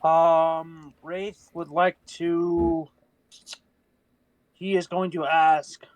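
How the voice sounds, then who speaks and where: Jokey male player, slightly high voice, dry close sound. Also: flat delivery, very slow, dry recording, rough recording. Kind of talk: in-character tabletop play.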